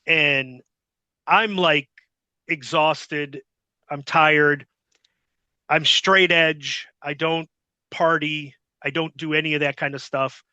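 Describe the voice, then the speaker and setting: Middle-aged male guest, rambling storyteller, sharp bright tone, close dry sound. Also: fairly high pitch, dry recording. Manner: rambling, filler-heavy, acts out quotes. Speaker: podcast guest telling wrestling stories. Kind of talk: casual anecdote telling.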